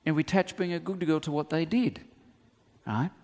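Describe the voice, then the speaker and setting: An Australian man preaching in a church hall, his fairly high voice carrying a long reverb. He tells lively stories with humorous asides. He sounds middle-aged. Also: normal speed. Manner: animated storyteller, humorous asides. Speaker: pastor. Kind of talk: sermon.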